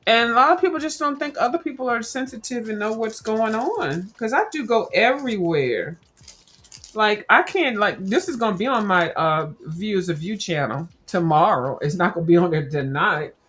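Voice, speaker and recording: A woman hosts a casual crafting livestream, chatting to her viewers directly in a rambling, slangy way as she works. Her voice is medium-pitched, expressive and a bit bright, at a normal speed.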